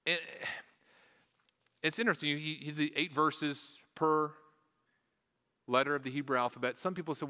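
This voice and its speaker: A man's voice: a little high, fairly even intonation, moderate pace, long pauses, bright, forceful tone, clean tone, big-room sound. A man preaching a sermon in a conversational way, stumbling over restarts and adding small asides. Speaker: pastor.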